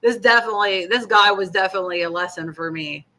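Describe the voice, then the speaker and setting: Woman co-host, casual chat, bright edgy tone, blunt and candid, swears freely. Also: medium pitch, quick pace. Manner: candid, blunt, swears and laughs while telling a story.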